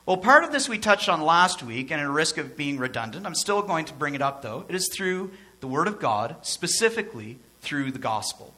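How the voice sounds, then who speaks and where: Preaching a sermon, a male pastor uses a bright, forceful voice pitched a bit higher than most men's, with big swings in pitch, normal speed and few pauses. His style is conversational, with joking asides and repeated phrases to drive points home.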